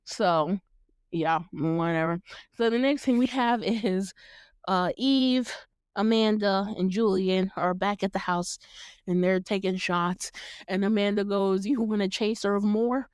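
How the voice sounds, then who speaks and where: Animated woman recapping a show with her sister. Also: medium pitch, slow pace, clear, resonant tone, dry recording, studio quality. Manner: animated, laughing, acting out characters' lines. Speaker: podcast host. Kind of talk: casual chat recapping a TV show.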